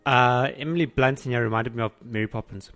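A man co-hosting a casual film review chat, relaxed and hesitant, often searching for words. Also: mid-range voice, quick pace, soft background music. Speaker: podcast co-host.

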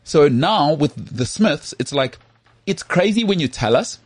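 A man from South Africa co-hosting a podcast in casual chat, animated and full of restarts. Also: a little high, measured pace, slightly rough, no room sound. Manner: animated, full of restarts and "you know what I mean". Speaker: podcast co-host.

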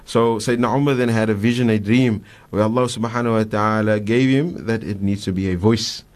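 A man's voice: on the low side, brisk. Man telling stories on radio. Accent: South African. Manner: animated storyteller, acts out quotes, frequent fillers. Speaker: guest Islamic scholar. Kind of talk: radio religious talk, storytelling. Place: radio studio.

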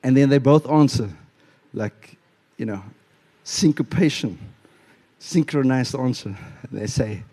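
A male pastor preaching a sermon in a church, animated and playful, acting out little voices as he tells a story. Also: medium pitch, takes it slowly.

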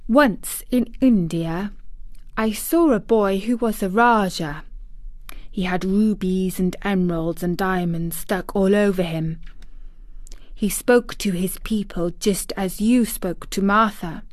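A woman's voice: medium pitch, slow, a little mellow, no echo, clean studio sound, close to an everyday voice. Woman reading as a blunt young girl. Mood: earnest.

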